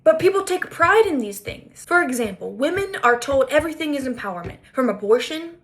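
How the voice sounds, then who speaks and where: High-voiced woman ranting through a story, repeats herself a lot for emphasis. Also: lively intonation, a little fast, a bit bright. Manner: indignant, emphatic, repetitive. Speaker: podcaster. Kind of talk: storytelling commentary monologue.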